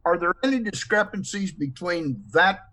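A man's voice: high voice, expressive, moderate pace, sharp tone. A man moderating a Bible study panel discussion, posing numbered questions and stressing words as he quotes.

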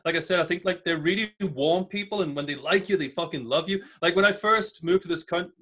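A man with a softened Northern English accent talks in a loose, boisterous way, swearing as he goes. His voice sits a little high for a man. It is a relaxed podcast chat. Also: a little fast, breathy edge. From England, near Newcastle. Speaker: podcast guest. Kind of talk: casual chat.

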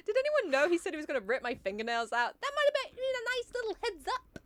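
A young woman co-hosting a loose, jokey book chat. She laughs often and swears casually. Her high voice rises and falls a lot, heard close and dry. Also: huge pitch swings, fast talker, no echo. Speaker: podcast co-host.

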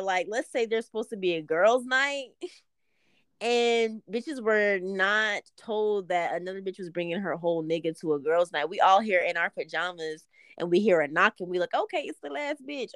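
A woman's voice: medium pitch, moderate pace, no echo, clean studio sound. A young woman co-hosting a casual podcast chat, telling exaggerated, profane stories and bursting into laughter. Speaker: podcast co-host.

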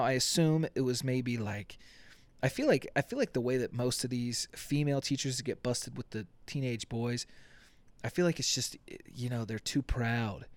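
A young man hosting a casual solo podcast, rambling and swearing, acting out quick quotes with jokey asides. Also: mid-range voice, a little mellow, dry recording. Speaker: podcast host.

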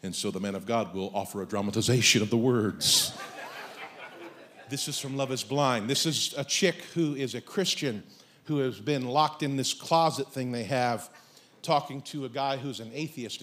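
A man preaching a sermon as pastor, emphatic and comic, breaking into shouted lines. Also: medium pitch, moderate pace.

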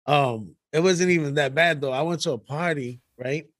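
A young man telling profane, animated stories on a podcast, often laughing. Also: a little high, normal speed, no echo. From Brooklyn, New York. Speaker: podcast co-host. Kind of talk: casual storytelling chat. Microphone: podcast microphone.

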